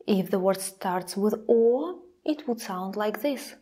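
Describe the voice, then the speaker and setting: A young woman with a Russian accent giving a pronunciation lesson, saying each example slowly twice and sometimes dropping to a whisper. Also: medium pitch, animated, mellow, husky. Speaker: Russian language teacher.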